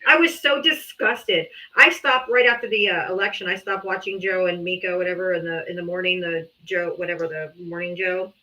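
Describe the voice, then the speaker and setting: A woman's voice: on the low side, fairly quick, hardly any pauses. Blunt, profane woman hosting a call-in stream. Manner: blunt, profane, animated storytelling. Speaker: host of a live call-in political show. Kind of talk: casual live-stream talk with callers. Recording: slightly dull lo-fi stream audio.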